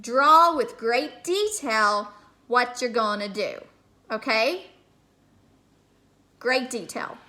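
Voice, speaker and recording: A woman teaching a remote phonics lesson to kindergarteners, patiently sounding out words slowly and checking in with "okay?". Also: a little high, lively intonation, sharp tone. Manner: slow, drawn-out sounding out of words.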